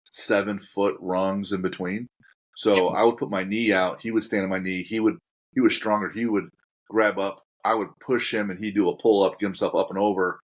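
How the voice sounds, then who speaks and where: Deep-voiced male podcast host telling stories. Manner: vivid step-by-step storytelling, acts out his own reactions. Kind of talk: casual storytelling chat.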